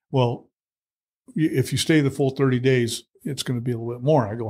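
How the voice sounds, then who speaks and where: A man's voice: mid-range voice, brisk. A man in his sixties, an interview guest, candidly telling his story in a blunt, salty way and acting out the quotes. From United States. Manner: blunt, salty, animated retelling with acted quotes.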